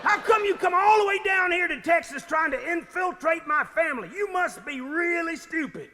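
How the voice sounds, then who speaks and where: A gruff older Texan dad who swings from booming threats to wistful memories, his voice sitting rather high. The live radio sketch rings out in a long echo, as if heard across a big stage. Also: animated, unhurried. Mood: threatening. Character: gruff older Texan father, trigger-happy but sentimental. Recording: echoey stage from far off.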